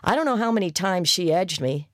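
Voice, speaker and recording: A reader voicing a once-shy young man who now gushes about a date in an audiobook, in a gravelly, conspiratorial manner. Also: high-pitched, lively intonation, fairly quick, fairly bright tone, no room sound, clean studio sound, pitched above the performer's own voice. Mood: gushing. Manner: hesitant then gushing, conspiratorial. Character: shy young man turned chatty boaster. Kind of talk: audiobook character voice.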